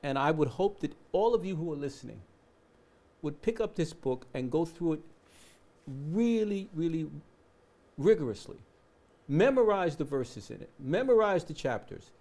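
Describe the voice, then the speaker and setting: A man's voice: on the high side, lively intonation, normal speed, a little mellow. A man speaking as a guest on a talk show, emotional and preacherly, who builds his points through repeated phrases. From Puerto Rico heritage. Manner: emotional, preacherly, repetitive rhetoric. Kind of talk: impassioned talk show remarks.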